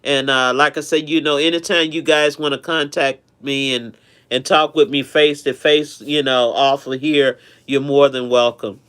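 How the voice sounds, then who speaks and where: A man's voice: mid-range voice, steady tone, normal speed, a bit bright, smooth. A man hosting a casual live stream, chatting affectionately with viewers and often repeating himself.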